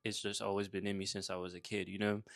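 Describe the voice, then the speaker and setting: A young man from Saint Croix tells his own story in a relaxed, slang-heavy way. His voice sits a little low. The sound is dry and close, with no room echo. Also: fast, vocal fry. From Saint Croix, US Virgin Islands. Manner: slangy and laid-back, peppered with "bruh" and "you feel me". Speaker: motivational vlogger. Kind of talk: casual personal storytelling.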